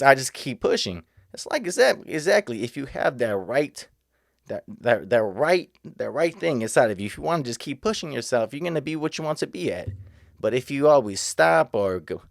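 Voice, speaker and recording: In a casual reaction vlog, a man rambles earnestly with slightly slurred speech, repeating himself and often restarting, in a motivational tone. His voice is medium-pitched with vocal fry. The sound is clean studio audio with no echo.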